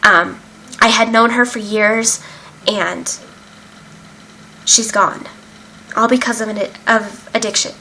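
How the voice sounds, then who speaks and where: A woman's voice: a little high, fairly even intonation, slow pace, long pauses, sharp tone, slight background noise, low-quality recording. A young woman candidly telling her own story in a casual vlog, emotional and open, with many fillers and some swearing. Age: young adult. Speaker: vlogger sharing her recovery story. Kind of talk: casual personal account.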